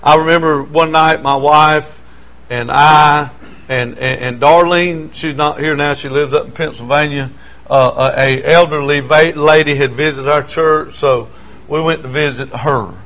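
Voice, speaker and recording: Folksy older preacher. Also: male voice, fairly high pitch, steady tone, a little slow, fairly bright tone. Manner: folksy storytelling, stammering restarts. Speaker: pastor. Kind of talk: sermon.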